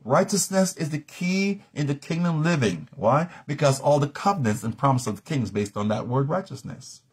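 A man's voice: fairly high pitch, animated, normal speed, husky. A middle-aged man teaching a live-streamed Bible study in an emphatic, repetitive, preacherly manner.

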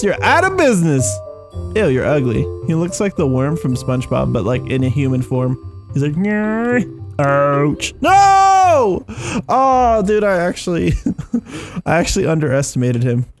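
Excitable male gaming host, jokey and animated, game music playing under him. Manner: excitable, jokey, bursts into laughter and high yelps. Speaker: gaming YouTuber. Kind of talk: casual gameplay commentary.

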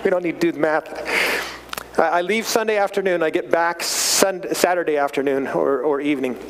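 High-voiced, animated man teaching Scripture. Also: moderate pace, rough recording. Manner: animated, chuckling, repeats words. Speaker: Bible teacher. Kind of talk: casual Bible study talk.

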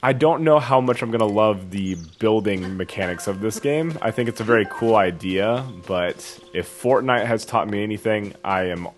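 A man's voice: lowish voice, normal speed, few pauses. A man giving casual, jokey let's-play commentary, wondering aloud as he plays a video game.

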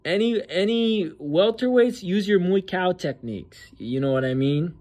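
Casting: male host, casual commentary, mocking and slangy, slightly high voice. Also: expressive, moderate pace, darkish tone.

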